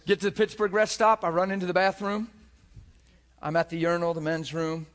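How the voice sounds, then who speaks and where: A man's voice: high-pitched, fairly quick. A middle-aged man preaching a storytelling sermon, acting out voices and crying out in places. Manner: animated, acts out voices and cries out.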